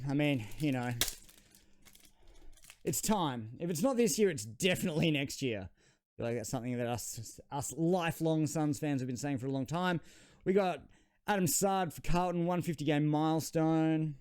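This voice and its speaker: Chatty Australian man, smooth dry voice. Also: on the high side, moderate pace, darkish tone, no room sound. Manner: chatty, rambling, self-deprecating. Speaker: trading card channel host. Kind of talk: casual unboxing commentary.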